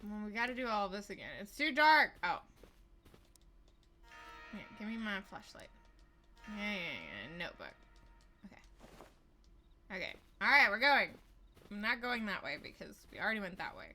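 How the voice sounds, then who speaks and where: A woman's voice: mid-range voice, animated, moderate pace, pauses often, bright, forceful tone, faint music behind. A young adult woman livestreaming a horror game, giving casual, chatty gameplay commentary full of crude, self-mocking asides.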